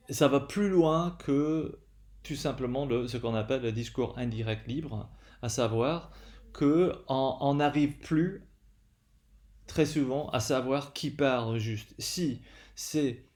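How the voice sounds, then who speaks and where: A man's voice: medium pitch, darkish tone. Guy lecturing, lots of ums and restarts, switches french to english. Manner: hesitant, many fillers and restarts.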